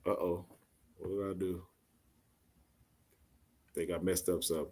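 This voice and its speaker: A man hosting a live late-night talk show, chatting casually with a soft-spoken, laid-back, joking manner over a phone line. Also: low voice, little pitch movement, unhurried, slightly rough. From Orange, Texas. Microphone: phone call into live audio show.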